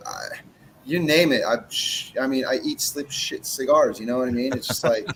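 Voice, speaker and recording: A man's voice: mid-range voice, moderate pace, a bit bright, slight background noise, low-quality recording. Blunt, swearing man in casual chat. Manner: blunt, swears freely, acts out dialogue with customers. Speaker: cigar brand owner, podcast guest.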